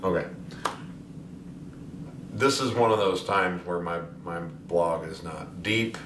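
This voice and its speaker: A man chats casually to his viewers in a rambling, self-deprecating way, often restarting his sentences. His voice sits fairly low and comes from a distance in a roomy space. Faint piano music plays behind him. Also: takes it slowly, noisy background. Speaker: pianist and singer, music teacher. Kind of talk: casual video blog talk. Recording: roomy sound from a distant mic.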